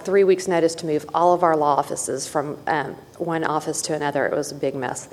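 Middle-aged woman, lower voice, candid testimony with wry humor, long hall reverb. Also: slight background noise. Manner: candid, folksy, wry asides. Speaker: speaker sharing at a recovery meeting. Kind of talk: personal testimony storytelling.

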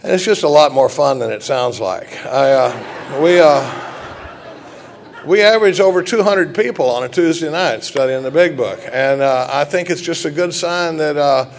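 Folksy man with a gravelly voice. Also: on the high side. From Dallas, Texas. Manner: folksy, joking, halting with fillers and restarts. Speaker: recovery meeting speaker. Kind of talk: personal talk to a recovery group.

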